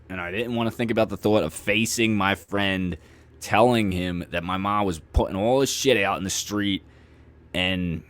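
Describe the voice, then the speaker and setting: A man with a low, deep voice talks through his own past as a podcast host. He speaks frankly and casually, swearing freely and slipping in dark humor. He is close on the mic. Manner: candid, profane, conversational, with dark humor. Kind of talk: personal storytelling monologue.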